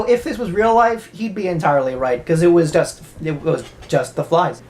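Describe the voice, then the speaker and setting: A woman's voice: lowish voice, moderate pace, a little mellow, slight background noise. A woman casually recapping a horror movie, rambling, stammering often and swearing freely. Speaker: movie reviewer.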